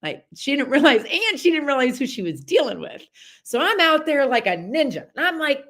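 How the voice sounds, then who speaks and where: A middle-aged woman hosting a podcast, talking in a chatty, animated way with many asides and restarts as she gives a casual motivational talk. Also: high voice, normal speed. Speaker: podcast host.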